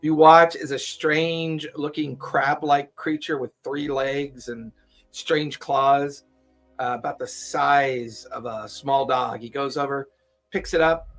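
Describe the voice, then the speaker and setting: A man's voice: fairly high pitch, a bit bright. A man running a tabletop game as game master, describing scenes steadily with the odd filler "uh".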